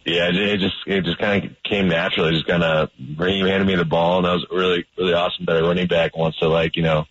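Guest: very low husky male voice, quick modest talk, dull radio sound. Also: little pitch movement, a bit bright, no echo. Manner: modest, halting with restarts. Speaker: football player guest. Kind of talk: casual interview talk.

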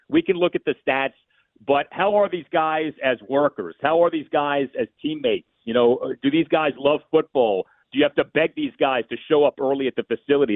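A man giving measured, opinionated analysis on sports radio, thinking aloud with small restarts. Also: mid-range voice, no room sound. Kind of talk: call-in sports radio talk. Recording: tinny phone line.

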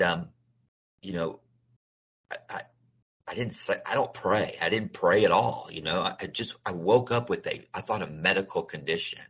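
A middle-aged man speaks as an interview guest in a low, husky voice with a bright, forceful edge. He tells his own story earnestly and keeps restarting and repeating his phrases as he goes. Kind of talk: personal testimony in a conversational interview.

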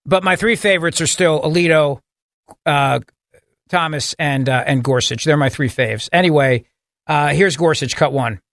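A man's voice: on the high side, moderate pace, a bit bright, no echo. A man hosting a talk radio show in a studio, opinionated and jokey, talking emphatically. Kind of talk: casual talk radio banter and commentary. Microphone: studio microphone.

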